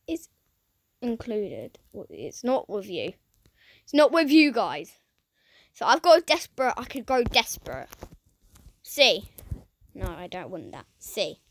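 A woman giving casual gameplay commentary, dramatic and excitable, who keeps talking to her viewers and often drops into a whisper. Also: fairly high pitch, no room sound. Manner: excitable and dramatic, swinging between squeals and whispers; chats to viewers while playing. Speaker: gaming channel host.

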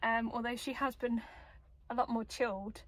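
High-voiced chatty woman vlogger. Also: steady tone, normal speed, fairly bright tone. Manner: chatty, gushing, talks fondly to her dogs. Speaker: vlogger and dog agility handler. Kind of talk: casual vlog chat. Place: outdoors at a cold winter dog show. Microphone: handheld camera.

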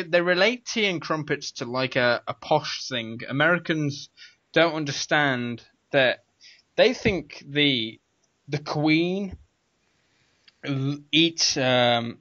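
A young man with a British accent talks in a loose, rambling way, laughing often as he co-hosts a casual gaming podcast. His voice is bright and forward. The recording is dry and a little dull, like a home computer mic. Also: fairly high pitch, no echo. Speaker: podcast co-host. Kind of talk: casual chat.

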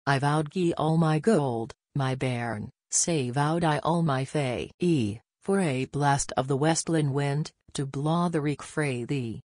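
A man's voice: on the high side, slow pace, hardly any pauses, a little mellow, no room sound, studio quality. A man voicing a desperate noble lady defending her castle, in his plain reading voice. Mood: defiant.

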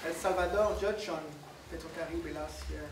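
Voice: medium pitch, moderate pace. Speaker with a French accent, unamplified. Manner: unamplified, speaking up to a full room, light laughs. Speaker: guest speaker. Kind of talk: lecture followed by Q and A. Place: university lecture room. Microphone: no microphone, recorded from far off. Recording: roomy, distant, noisy with no microphone.

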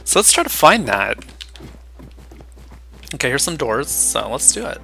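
A man hosting a casual gameplay video, chatting in an excitable, jokey way and breaking into loud exclamations. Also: medium pitch, a little slow, creaky, faint music behind. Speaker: gaming channel host.

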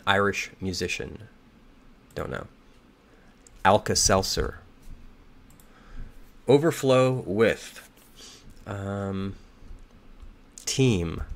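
Slow, gravelly man muttering through a puzzle. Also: lowish voice. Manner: muttering, hesitant, reads clues aloud and second-guesses. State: slightly hoarse. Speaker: crossword solver. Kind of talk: thinking aloud while solving.

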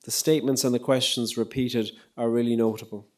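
A man giving a public lecture on poetry and prayer, in a measured, reflective way with frequent pauses. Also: mid-range voice, steady tone. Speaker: lecturer and poet. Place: lecture hall.

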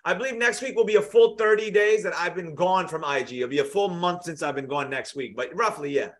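A man's voice: high-pitched, fairly quick. A man hosting a live trading show, chatting in a friendly, casual way and often repeating himself. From United States. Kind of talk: casual live-stream chat.

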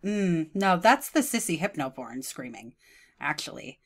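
A woman's voice: deep voice, big pitch swings, measured pace. A woman in her thirties giving mocking, sarcastic reaction commentary, often breaking into laughs. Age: 30s.

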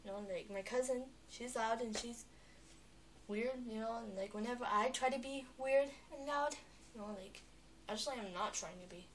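A young girl talking on a vlog, chatty and animated, with lots of filler words. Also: a little high, moderate pace, slight background noise. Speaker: vlogger. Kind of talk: rambling vlog monologue.

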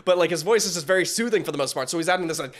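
A man hosting a reaction video in casual commentary, excitable and rambling, often stumbling over his words. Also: on the high side, racing.

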